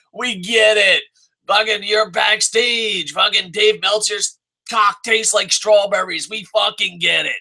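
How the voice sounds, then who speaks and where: A man's voice: high voice, bright, forceful tone. A young man reviewing a wrestling show in a profane, exasperated rant full of sarcasm and swearing.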